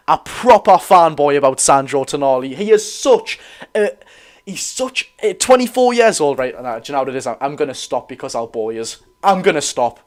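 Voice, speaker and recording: Excitable young Geordie man, chesty. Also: fairly high pitch. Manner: excitable, chatty, gushing. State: chesty, coughing. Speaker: football fan channel host. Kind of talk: live watch-along chat, reading viewer comments.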